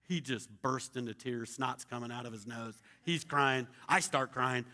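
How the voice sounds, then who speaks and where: A middle-aged male pastor telling a story in a sermon, acting out the dialogue with shouts and laughter. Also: mid-range voice, fairly quick, hardly any pauses.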